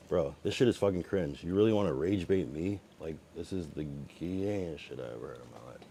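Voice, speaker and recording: Very deep-voiced young streamer man, profane. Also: animated, fairly quick, vocal fry, hardly any pauses, slight background noise. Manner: profane, rambling, with bursts of loud taunting and dips to a mutter. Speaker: livestreamer. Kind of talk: casual live-stream chat reacting to viewers.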